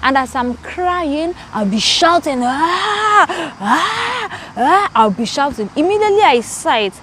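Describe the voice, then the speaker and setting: A woman's voice: high-pitched, expressive, normal speed, slight background noise. A woman, hosting her own vlog and chatting to viewers in a garden, repeating words as she talks. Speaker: channel host. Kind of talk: casual storytelling vlog. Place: outdoors in a garden.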